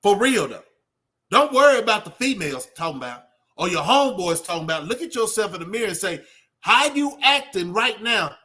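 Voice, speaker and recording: A middle-aged man talks off the cuff like a street preacher, rambling and circling back with fillers. His voice sits high for a man and rings bright and forceful. It sounds like a host talking straight to his viewers. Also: big pitch swings, fast talker. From Texas. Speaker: channel host. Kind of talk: off-the-cuff motivational talk.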